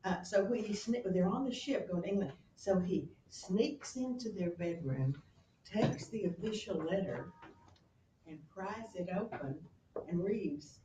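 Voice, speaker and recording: A woman teacher lecturing her class, retelling a play with lively storytelling and acted-out quotes. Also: medium pitch, a little slow, background noise. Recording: roomy classroom from a distance.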